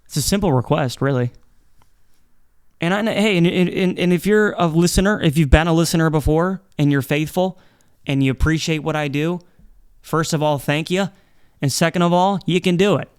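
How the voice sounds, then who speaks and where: Male podcast host, slightly high voice, rambling, playful, swears casually, stammers and restarts, solo monologue. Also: normal speed, clean tone. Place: indoor studio set with black background.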